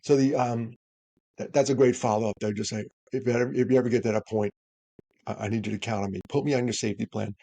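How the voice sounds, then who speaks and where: A man's voice: mid-range voice, quick pace, gravelly, husky, dry recording. A man speaking as a podcast guest, giving earnest advice and acting out bits of dialogue as he talks. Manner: animated storyteller, acts out dialogue.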